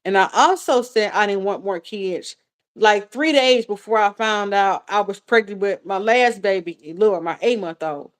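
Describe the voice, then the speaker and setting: A woman's voice: mid-range voice, normal speed. Candid chatty woman vlogger. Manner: candid and chatty, with frequent fillers and swearing; rambling, repeats herself. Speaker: vlogger answering viewer questions. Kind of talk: casual live Q&A chat.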